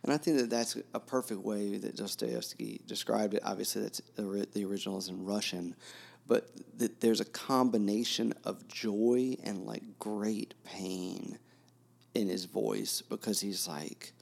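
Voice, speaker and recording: A man's voice: fairly low pitch, steady tone, measured pace, gravelly, darkish tone. A man who teaches, co-hosting a casual book discussion, rambling with many fillers and restarts. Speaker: teacher and podcast co-host.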